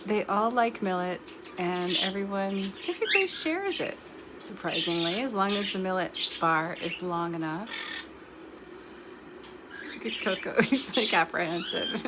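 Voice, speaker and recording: A young woman casually narrating a vlog about her pet birds at home. She laughs often and coos to them in a high sing-song voice. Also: huge pitch swings, unhurried, long pauses. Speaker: pet bird vlogger. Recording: loud bird chirping noise behind.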